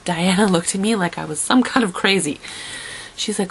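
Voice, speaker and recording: A woman's voice: lowish voice, brisk, slight background noise, low-quality recording. A young woman, telling a long personal story to the camera in a chatty, dramatic way with wry asides. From Toronto, Canada. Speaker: vlogger. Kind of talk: casual storytelling monologue.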